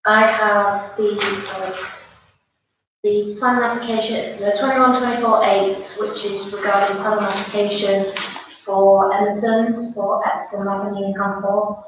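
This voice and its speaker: Flat-toned woman councillor. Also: medium pitch, measured pace. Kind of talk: meeting discussion. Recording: echoey, dull room recording from far off with faint noise.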